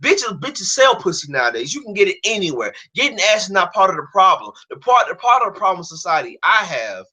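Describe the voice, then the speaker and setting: Heated young man ranting, tense and bright. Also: high voice, sing-song, fast, hardly any pauses, husky. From United States. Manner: heated, profane, repeats and restarts phrases. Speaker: streamer. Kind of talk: angry ranting monologue.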